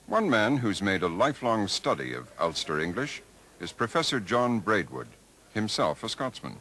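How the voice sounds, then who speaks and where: Low lively documentary narrator. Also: male voice, normal speed, poor audio. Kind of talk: scripted narration. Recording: archival 1980s documentary with noise.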